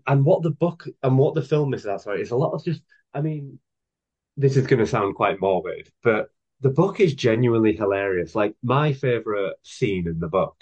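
This guest author on a casual podcast is a man in his thirties whose lowish voice has a darkish tone. He rambles enthusiastically with heavy use of fillers, captured in dull, lo-fi audio.

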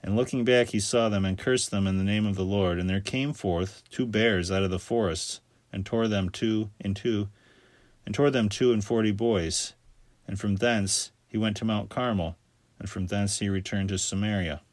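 A man reading scripture aloud in a steady, measured recitation. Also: on the low side, no room sound. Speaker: scripture reader.

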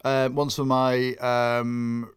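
Young guy rambling on a podcast, mid pitch, lots of restarts. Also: monotone, drawn-out words, clean tone. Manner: rambling storytelling with restarts and laughs. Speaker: podcast co-host. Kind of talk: casual podcast chat.

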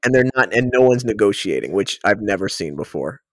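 A man with a lowish voice chats at a fast clip. He sets the facts straight matter-of-factly. The recording is dry and close. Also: lively intonation, no room sound. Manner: matter-of-fact, correcting details. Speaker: podcast co-host. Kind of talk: casual chat.

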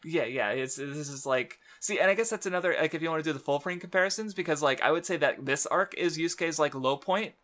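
Male podcast co-host, casual manga chat, bright voice, rambling with lots of fillers. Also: a little high, fast talker, few pauses. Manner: rambling, many fillers and restarts.

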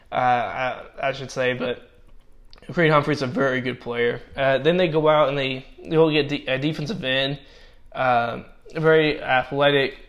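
A man giving casual commentary and grades on football draft picks, talking haltingly with many restarts while he is losing his voice. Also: medium pitch, fairly bright tone.

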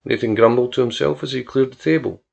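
Gravelly male audiobook narrator. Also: mid-range voice, fast, lo-fi sound.

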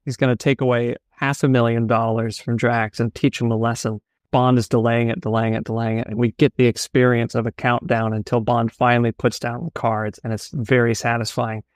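A man's voice: mid-range voice, brisk, hardly any pauses, no room sound, clean studio sound. A man co-hosting a podcast, animatedly breaking down a novel's structure in casual talk. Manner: animated, analytical, laughs along. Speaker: podcast co-host. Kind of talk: casual book discussion.

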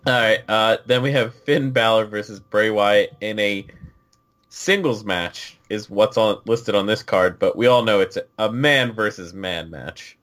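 Man, casual co-host chat, fairly low voice, dry, understated, teasing. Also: unhurried, a bit bright. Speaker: podcast co-host. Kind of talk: casual chat about wrestling.

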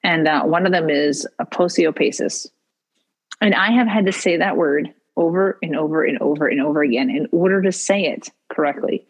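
A woman's voice: low-pitched, moderate pace, breathy edge, low-quality recording. A middle-aged woman in casual chat, rambling and correcting herself as she talks. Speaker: podcast co-host.

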